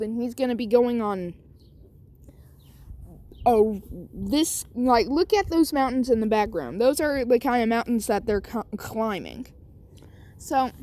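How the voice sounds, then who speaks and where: A woman's voice: a little high, darkish tone. A woman casually telling an improvised story, rambling with lots of asides. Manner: rambling, many fillers and asides.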